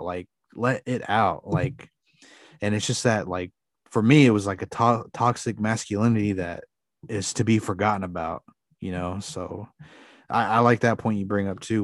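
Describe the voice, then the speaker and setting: A man's voice: lowish voice, no room sound, clean studio sound. A man co-hosting a podcast, talking earnestly and rambling with lots of fillers in casual chat. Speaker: podcast co-host.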